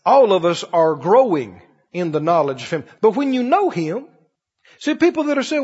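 With a high, husky, darkish voice and big pitch swings, a pastor tells stories in his sermon at a moderate pace, rising and falling for emphasis. It's a dull, lo-fi recording in a hall with lots of reverb.

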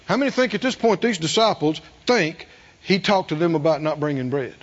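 A middle-aged man preaching a sermon, folksy and animated, asking the congregation questions. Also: fairly high pitch, fairly quick, dull audio. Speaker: pastor.

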